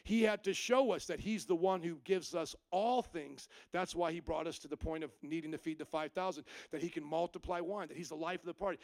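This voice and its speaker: High-voiced pastor telling stories with humor. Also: male voice, no room sound. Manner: animated storytelling, acting out quoted lines with humor. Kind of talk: sermon. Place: church service.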